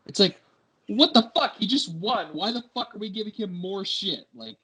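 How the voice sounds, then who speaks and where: A man's voice: high-pitched, expressive, moderate pace, crowd noise, poor audio. A young man co-hosting a casual sports podcast, ranting in exasperation and swearing constantly. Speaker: podcast co-host.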